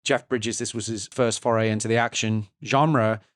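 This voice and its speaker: A man's voice: lowish voice, steady tone, dry recording, clean studio sound. A man co-hosting a film podcast, talking in a casual, analytical way with frequent restarts. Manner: analytical, halting with many restarts. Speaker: podcast co-host.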